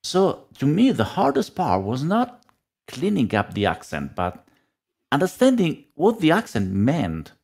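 Italian man, podcast guest, gravelly, very lively pitch, pauses for words. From Italy. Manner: animated, searching for English words. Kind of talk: casual podcast chat.

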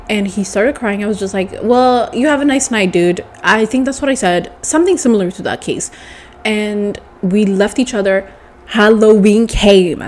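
Young woman, stuffy nose, casual storytime, animated, profane, mid pitch. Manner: animated, profane, addresses listener as baby.

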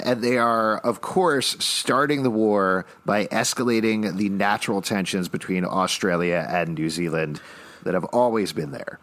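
A man with a fairly low voice talks through a TV episode on a podcast. His delivery is wry and conversational as he walks through the plot at length. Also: a bit bright. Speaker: podcast co-host recapping a TV episode. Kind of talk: casual chat.

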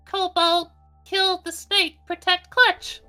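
A woman's voice: very high voice, flat delivery, slow pace, bright, forceful tone, soft background music, voice pushed up, full character voice. A woman voicing an earnest small male draconic creature who speaks in broken third-person phrases during a tabletop game. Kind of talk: tabletop role-play.

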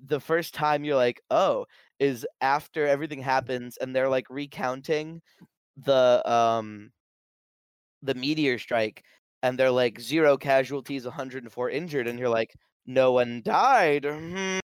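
A man talks excitedly about a film, retelling scene after scene and slipping into little acted-out quotes. His voice is smooth and resonant, at a middle pitch. The sound is dry and close, with no room echo. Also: unhurried. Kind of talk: casual film discussion.

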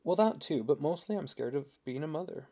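Man doing a soft, teasing young wife. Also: fairly high pitch, animated, brisk, creaky. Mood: earnest. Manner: soft, playful, raised voice.

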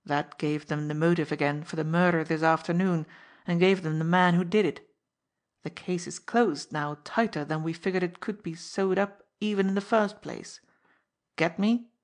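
A woman plays a contemptuous male gangster who snaps his words out. He leans hard on each point, slow and emphatic. The voice sits a little low. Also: fairly even intonation, natural voice. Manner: clipped, sharp, slow and emphatic.

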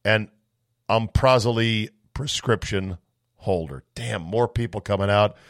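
A man's voice: on the low side, measured pace, fairly bright tone, dry recording, studio quality. A man hosting a podcast in a casual solo chat, reading a listener's email with sarcastic, rambling, profane asides, his voice a bit off. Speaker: podcast host.

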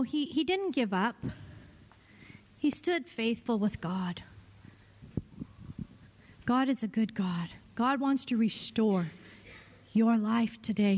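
A middle-aged woman pastor delivers an impassioned sermon in a high voice, dropping to a hush at times and then rising up high. The church sanctuary adds a long reverb that trails after every phrase.

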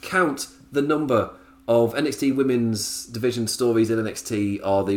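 A man's voice: medium pitch, normal speed. A man hosting a casual solo podcast review, chatty, laughing often and drifting into tangents. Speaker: podcast host reviewing wrestling.

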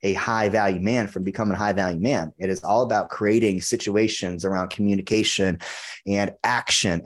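Blunt, intense man telling a story. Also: fairly low pitch. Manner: intense, blunt and frequently profane. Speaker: podcast guest, men's coach. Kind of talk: casual conversational storytelling.

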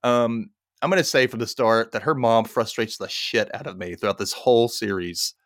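A man's voice: medium pitch, moderate pace, a bit bright, no room sound, clean studio sound. A man hosting a podcast, recapping a TV episode in casual chat, laughing often and mimicking the characters in silly voices. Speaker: podcast host.

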